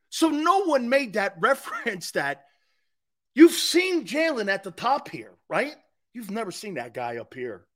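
Animated, blunt sports talk host. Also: male voice, a little high. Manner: blunt, combative, animated with sudden shouts. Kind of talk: live sports talk rant.

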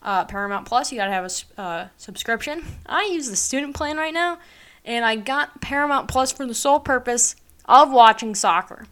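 A woman's voice: on the high side, expressive, moderate pace, a bit bright, clear, resonant tone. A young adult woman hosting her own podcast, chatting casually in a rambling, upbeat way with many fillers. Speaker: podcast host. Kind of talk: casual solo podcast chat.

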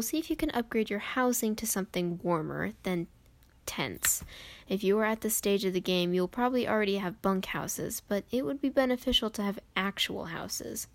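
A woman's voice: mid-range voice, dry recording. A woman reading her own written game guide aloud, recorded on her phone in her bedroom, with rambling, self-deprecating asides.

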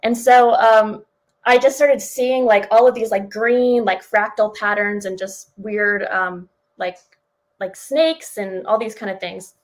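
A woman's voice: mid-range voice, fairly even intonation, unhurried, low-quality recording. A woman telling a personal story as a guest, speaking candidly with plenty of swearing and filler words. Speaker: podcast guest. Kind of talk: casual storytelling.

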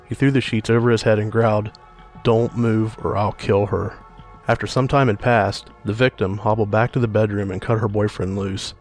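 A man hosting a podcast, introducing the episode and narrating crime details in a steady, even tone. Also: lowish voice, a little fast, hardly any pauses, soft background music. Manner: steady, even-toned reading. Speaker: podcast host.

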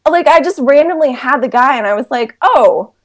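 A woman telling a story on a podcast, animated and laughing often as she goes. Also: sits high, normal speed. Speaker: guest storyteller. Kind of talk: casual podcast chat.

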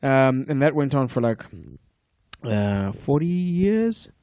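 A man's voice: mid-range voice, slow, dry recording. South African man in casual podcast chat. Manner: relaxed storyteller, profane, laughs often. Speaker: podcast guest.

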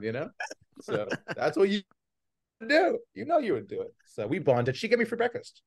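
Lively teasing man, higher voice. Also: normal speed, vocal fry. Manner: teasing, repeats himself. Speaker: podcast co-host. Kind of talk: casual chat.

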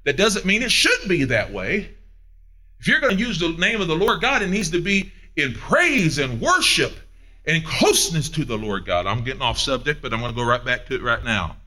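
Male preacher, sermon, emphatic, higher voice, bright and forceful tone. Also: sing-song, normal speed. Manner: emphatic, with big swings from loud to hushed; asks the audience questions.

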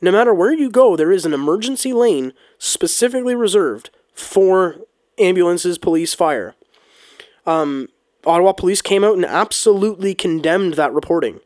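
A man's voice: sits high, lively intonation, normal speed, darkish tone, no echo, studio quality. A man giving a heated, casual opinion monologue on politics, swearing often and restarting his sentences. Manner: heated, ranting, swears, frequent restarts and ums. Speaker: political commentator.

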